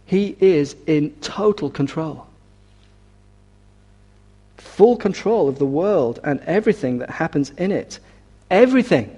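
A man preaching a sermon, reading scripture slowly and building to forceful, emphatic declarations. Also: fairly high pitch, lively intonation, husky. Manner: reads scripture aloud with slow weight.

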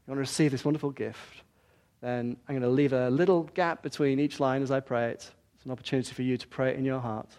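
A man's voice: mid-range voice, darkish tone. An older man preaching a sermon in an earnest way, with repeated emphasis. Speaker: pastor.

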